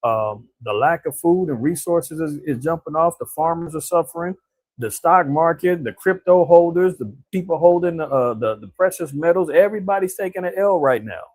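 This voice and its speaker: A man's voice: on the high side, expressive, normal speed, darkish tone, no room sound, poor audio. A man giving a casual, conversational scripture commentary on current events, talking colloquially and often tossing in "man" and "right?". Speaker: preacher.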